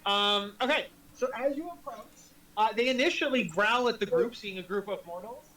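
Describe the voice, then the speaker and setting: A man running a tabletop game as dungeon master, narrating in a halting way. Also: very high voice, pushed and bright. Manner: halting, laughs often. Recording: echoey room.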